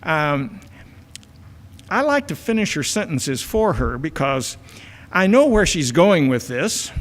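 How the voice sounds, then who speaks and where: A man's voice: a little high, big pitch swings, slow pace. An older man, a church elder giving a folksy family-life talk full of filler words. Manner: folksy, many filler uhs and repeated words. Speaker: church elder and marriage counselor. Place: church auditorium. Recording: church hall reverb.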